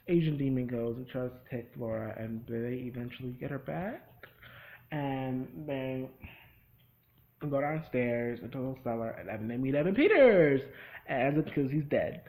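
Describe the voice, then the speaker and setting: Casual male vlogger with a gravelly voice, chatty and rambling, recapping a show. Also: medium pitch, animated, normal speed, a little mellow, rough recording. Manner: rambling, chatty, with many restarts and acted-out quotes.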